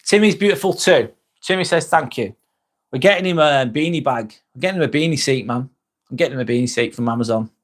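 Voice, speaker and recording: A man hosts a relaxed live stream, reading out viewer comments one after another and answering each one. His talk is loose and jokey, with casual swearing, in a voice of ordinary middle pitch. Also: fast talker. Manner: reads viewer comments aloud and replies, joking and swearing freely.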